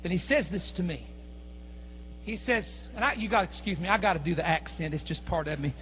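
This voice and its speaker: A man preaching a sermon, telling a story in an animated, emphatic way that builds to shouts. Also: high voice, a little fast. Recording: echoey hall with long reverb, mains hum.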